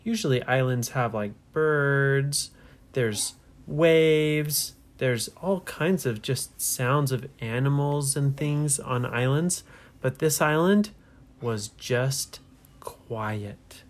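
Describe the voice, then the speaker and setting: Slow, low-voiced woman telling a bedtime story. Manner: hushed, slow, asks the listener questions. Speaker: storyteller to children.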